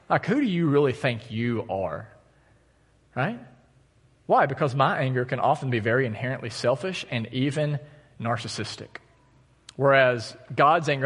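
A man in his thirties, a pastor, delivers a sermon in a church sanctuary, his medium-pitched voice slightly bright. He speaks conversationally, telling stories laced with self-deprecating humor. The church hall gives the recording a long reverb.

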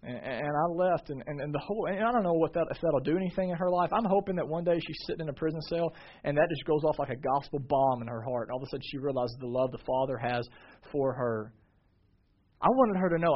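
A man in his thirties preaching from the pulpit, his fairly high voice climbing to loud, emphatic peaks before dropping to a hushed, confiding tone. The recording is dull and lo-fi. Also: quick pace. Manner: swings from shouted emphasis to quiet confiding. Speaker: pastor. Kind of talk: sermon. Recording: dull lo-fi sermon audio.

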